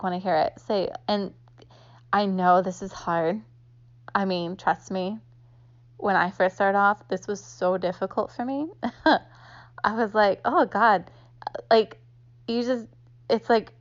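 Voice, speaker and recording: Woman host, casual tutorial, chatty with constant fillers, mid-pitched voice, muffled lo-fi recording. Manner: chatty, heavy use of "like" fillers. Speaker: online instructor. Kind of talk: casual instructional talk. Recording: slightly dull lo-fi audio.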